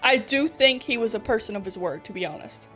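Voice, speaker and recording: Over soft background music, a young woman streamer talks fairly quickly in a fairly high voice. As a podcast host and vtuber, she animatedly retells a book plot, casually swearing and acting out dialogue.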